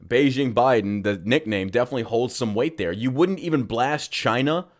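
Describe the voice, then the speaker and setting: A man hosts a live stream and reacts to what he is watching with constant swearing and loud disbelief. His voice sits in an ordinary middle pitch, and he mocks what he hears. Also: moderate pace. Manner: profane, incredulous, mocking. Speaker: podcast host reacting live.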